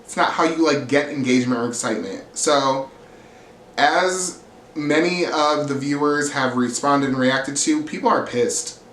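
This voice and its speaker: Man, reality TV recap, sassy, profane, mid pitch, echoey room, faint background hiss. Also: a little slow, a bit bright. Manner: sassy, blunt and profane, acts out quotes. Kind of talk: casual episode recap. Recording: roomy echo, faint ambient hiss.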